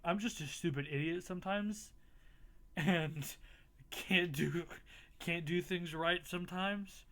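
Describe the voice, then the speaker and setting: A man's voice: sits high, slow, a bit bright. Casual swearing young man recapping a game. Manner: casual, swears freely, self-mocking, laughs at himself. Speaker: gaming YouTuber. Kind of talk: casual playthrough recap narration.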